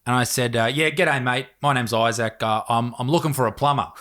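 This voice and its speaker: A man's voice: mid-range voice, fairly even intonation, a little fast, sharp tone. A young Australian man hosting a podcast, telling a story in a laid-back way, swearing a lot and laughing as he goes. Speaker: podcast host. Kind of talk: casual chat.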